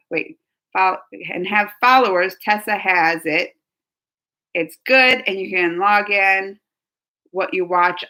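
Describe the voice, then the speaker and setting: A woman's voice: mid-range voice, pushed and bright. A woman streamer chatting casually with her viewers, reading chat comments aloud and laughing often.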